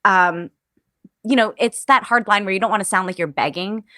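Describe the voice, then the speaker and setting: A woman's voice: mid-range voice, moderate pace, pushed and bright, no room sound, studio quality. A woman stage actress talking candidly as a guest on a show, earnest and reflective, often restarting her thoughts. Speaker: musical theater actress, guest. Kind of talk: candid casual conversation.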